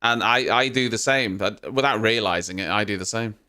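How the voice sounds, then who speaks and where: A man's voice: on the low side, fairly quick, bright, forceful tone, clean tone. A man hosting a live stream, giving casual reaction commentary with chatty, teasing banter and casual swearing.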